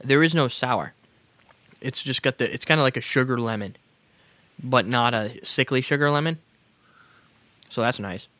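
A man in a casual drinks-tasting chat, excitable and crude. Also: mid-range voice, moderate pace, long pauses, dry recording. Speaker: co-host tasting liqueur.

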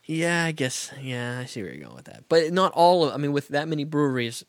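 A man's voice: fairly high pitch, very animated, brisk, dry recording, clean studio sound. A man co-hosting a podcast, chatting about beer in a joking, stammering, swearing way. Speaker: podcast co-host. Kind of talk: casual beer-tasting chat.

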